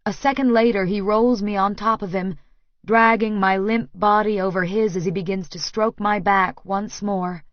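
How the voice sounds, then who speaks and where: A woman narrating a first-person romance audiobook in a breathy, intimate, unhurried way. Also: medium pitch, steady tone, no echo, muffled recording.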